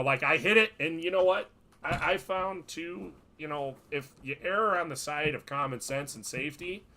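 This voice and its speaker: A man with a bright, forceful, somewhat tense voice talks on a podcast. He is a hockey referee, and he tells his stories emphatically, pressing hard on the key points. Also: a little high. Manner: storytelling, emphatic. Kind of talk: podcast chat.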